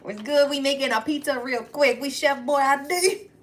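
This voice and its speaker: A woman's voice: high-pitched, steady tone, normal speed, a little hiss or hum. A woman chatting casually in a home vlog, playful and slangy, talking from her kitchen. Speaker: vlogger and mom.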